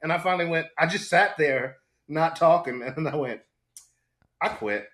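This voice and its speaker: A middle-aged man tells a story in a casual interview, his voice bright and forward. He throws himself into quotes, jumping high and low in pitch as he acts out each person. He is animated and loose. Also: a little fast. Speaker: actor guest.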